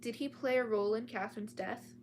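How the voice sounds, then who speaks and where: A woman's voice: on the high side, brisk, a little hiss or hum. A woman reading a thriller story aloud at home, often stumbling over words and breaking off to chat. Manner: reads with frequent restarts and chatty asides. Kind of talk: casual read-aloud storytime. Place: at home with cats nearby.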